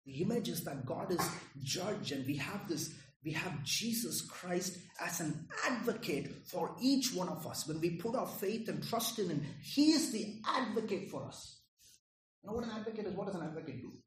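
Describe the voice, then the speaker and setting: A man's voice: high voice, expressive, moderate pace, roomy sound, rough recording. A man preaching a sermon in an earnest way, often asking the audience questions and repeating his words.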